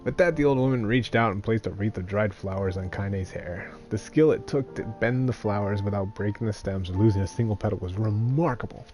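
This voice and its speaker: A man's voice: fairly low pitch, brisk, few pauses, music in the background. A man streaming live, reading a novel aloud with plain narration and laughing, joking asides.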